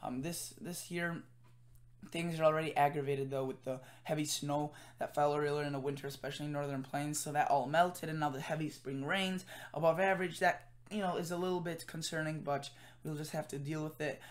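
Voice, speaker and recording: A man with a fairly high voice talks through a weather forecast from his computer at home. He sounds tired and rambles, with plenty of fillers and restarts as he walks through the maps. His delivery is casual and unscripted. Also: steady tone, fairly quick. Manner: rambling, with many fillers and self-corrections. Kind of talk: casual forecast commentary over screen.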